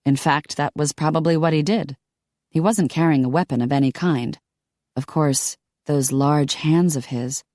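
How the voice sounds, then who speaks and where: Woman audiobook narrator, low voice, dry close sound, wry delivery. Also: normal speed, darkish tone, no room sound.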